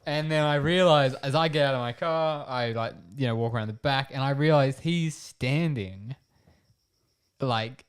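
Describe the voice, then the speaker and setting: A man's voice: medium pitch, moderate pace, clear, resonant tone. A young man, a podcast co-host, telling a rambling story in casual chat and laughing through it.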